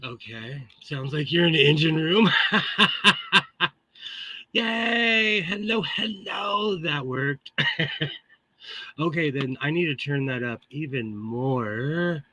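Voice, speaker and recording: A middle-aged man with a shrill voice hosting a casual live stream from his home sewing room on a computer microphone, chatty and laughing as he greets viewers by name. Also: slow pace, pauses often, pushed and bright, a little hiss or hum.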